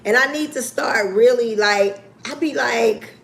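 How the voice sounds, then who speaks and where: A woman chatting casually on a livestream, candid and profane, with lively swings in her voice. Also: a little high, unhurried, a little hiss or hum. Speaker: YouTuber.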